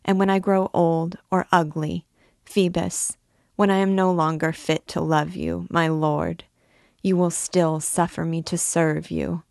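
Woman voicing an ardent young dancing girl, low and gravelly, slow pleading delivery. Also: little pitch movement, a little mellow, dry recording, clean studio sound. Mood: lovestruck. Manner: pleading, lovestruck.

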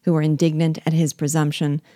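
A woman reading a classic novel aloud with steady, measured storytelling, close to the mic. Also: low-pitched, no room sound. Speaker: audiobook reader.

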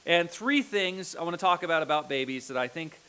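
A man's voice: a little high, expressive, a little fast, pushed and bright, clean tone, low-quality recording. A male pastor preaching a sermon in a conversational way, often checking in with the congregation. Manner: conversational, checks in with "okay?" and "right?".

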